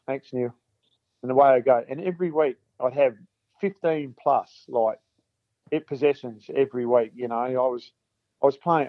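A man's voice: mid-range voice, no echo, narrow, tinny audio. A man, a former footballer telling long stories in an interview, repeating himself and acting out old conversations. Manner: chatty, repeats words, acts out quotes. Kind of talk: storytelling interview.

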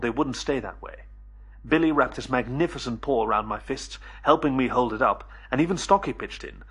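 A man narrates a first-person adventure audiobook in a steady, measured storytelling way. His voice is breathy and husky, sitting at a middle pitch.

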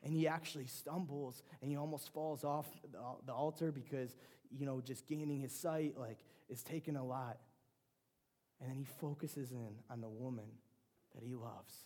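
A man's voice: medium pitch, fairly even intonation, moderate pace, dark tone. A man preaching a sermon in a conversational way, with frequent restarts and fillers.

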